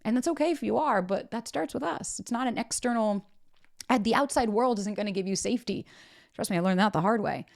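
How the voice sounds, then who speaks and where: A woman's voice: fairly high pitch, fairly quick, vocal fry. A woman hosting a podcast, giving blunt, emphatic dating advice and swearing often. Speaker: podcast host and dating coach. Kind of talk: direct-to-camera advice talk.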